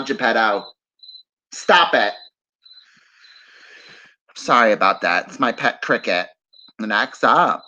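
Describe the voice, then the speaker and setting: A man with a bright, forceful, medium-pitched voice hangs out on a late-night livestream, chatting casually, rambling, teasing the audience, and chuckling frequently. The lo-fi stream sound is a bit dull, with crickets audible in the background.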